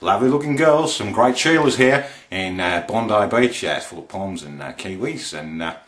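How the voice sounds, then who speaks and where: Man putting on a laid-back Aussie bloke, Australian accent, low and quiet, roomy echo. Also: lively intonation, normal speed. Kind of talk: comic accent impression.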